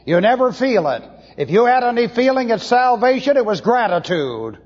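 A man preaching to a Bible class, blunt and opinionated, slowing down to press his points. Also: very high-pitched, big pitch swings, slightly rough. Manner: blunt, opinionated, slows for emphasis. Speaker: pastor teaching a Bible class. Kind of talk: sermon lecture. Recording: dull lo-fi tape in a reverberant hall.

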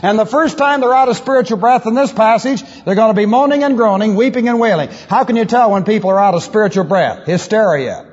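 A man teaching the Bible as a pastor, emphatic, asking rhetorical questions and swinging his pitch widely. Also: fast, few pauses, a little mellow, breathy edge. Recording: lo-fi reverberant hall recording.

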